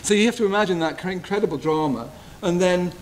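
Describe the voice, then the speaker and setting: Buddhist teacher, man, soft reflective delivery, slightly raised pitch. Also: quick pace, a little hiss or hum, rough recording. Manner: gentle, tender, often checks in with "yeah?". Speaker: Buddhist teacher giving a retreat talk. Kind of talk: reflective dharma talk. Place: retreat hall.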